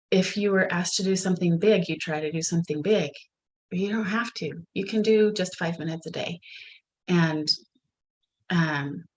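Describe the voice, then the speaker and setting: A middle-aged woman in casual conversation, telling family stories in an animated way, often slipping into quoted voices and laughing. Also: lowish voice, low-quality recording.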